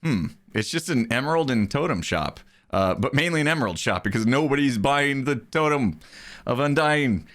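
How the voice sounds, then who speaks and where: A man's voice: mid-range voice, animated, brisk, hardly any pauses, a bit bright. A young man giving cheerful, chatty commentary while playing a video game, laughing often. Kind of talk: let's play commentary.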